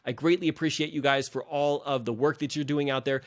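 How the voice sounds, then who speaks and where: A man's voice: on the high side, steady tone, a little fast. A middle-aged man hosting a motivational coaching podcast in a casual, earnest and encouraging way, often calling his listeners "guys". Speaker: podcast host and leadership coach.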